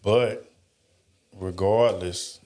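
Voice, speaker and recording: A man's voice: deep voice, steady tone, very slow, a little mellow. A man co-hosting a podcast, talking in rambling, emphatic runs with frequent restarts and asides. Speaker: podcast co-host. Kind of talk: casual podcast chat.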